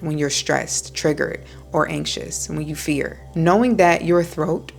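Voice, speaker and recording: A woman vlogger speaking in a low, soothing voice, slow and deliberate, pausing between her sentences. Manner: slow, soft, deliberate speech with pauses. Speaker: wellness vlogger. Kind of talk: calm talking-head vlog.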